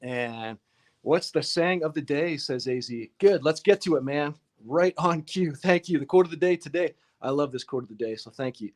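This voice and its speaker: A man's voice: medium pitch, lively intonation, normal speed, hardly any pauses. A man hosting a casual live-stream painting lesson, chatty and upbeat, greeting viewers in the chat by name.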